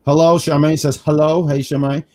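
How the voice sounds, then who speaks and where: A man co-hosting a casual wrestling review stream, talking in quick restarts and reading chat comments aloud. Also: a little high, level tone, mellow. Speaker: wrestling review show co-host.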